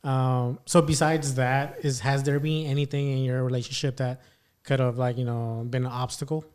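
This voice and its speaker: A man's voice: mid-range voice, flat delivery, normal speed, a little mellow, clean tone. A man hosting a casual podcast chat, joking and sarcastic as he asks his guests questions. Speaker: podcast host. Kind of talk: casual conversation.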